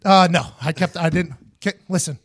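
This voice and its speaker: Host, male, higher voice, animated storyteller who swears and does the voices of others. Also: moderate pace. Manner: animated, acts out others' voices in his stories, swears freely. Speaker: podcast host. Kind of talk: casual storytelling.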